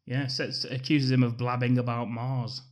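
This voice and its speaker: A man's voice: mid-range voice, flat delivery, normal speed. A man co-hosting a casual film podcast, recapping the plot plainly with casual swearing. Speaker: podcast co-host.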